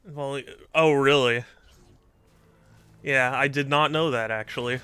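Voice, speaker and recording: A man streams a game from a dim indoor room, chatting casually into a desk microphone on a stand and often cooing baby talk at his cat. His mid-range voice is bright and forceful yet steady, with a slow pace and frequent pauses.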